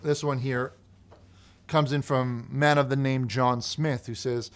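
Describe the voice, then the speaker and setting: A man hosting a comedic call-in show, reading out faxes in a halting, flustered way with many restarts. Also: mid-range voice, little pitch movement. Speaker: host.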